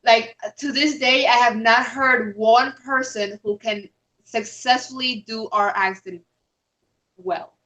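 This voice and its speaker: A woman's voice: a little high, steady tone, slow, a bit bright. A woman taking part as a guest panelist in a casual live chat over a video call, often searching for words and restarting her sentences. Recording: dull lo-fi call audio.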